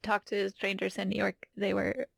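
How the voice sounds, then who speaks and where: Chatty woman from North Carolina, gravelly voice. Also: medium pitch, completely flat delivery, moderate pace, dry recording, clean studio sound. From North Carolina, USA. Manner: chatty, laughs often, acts out voices in anecdotes. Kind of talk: casual chat.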